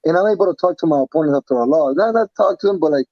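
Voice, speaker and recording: A man, a professional fighter being interviewed, talking casually in an animated, profane way with many restarts and repeats. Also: a little high, racing, dry recording, highs cut off. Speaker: pro fighter guest.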